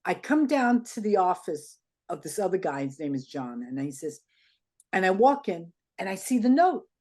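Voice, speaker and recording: Older lady telling stories in an interview, animated, acts out the quotes. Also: mid-range voice, normal speed. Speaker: interview guest. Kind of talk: anecdotal storytelling.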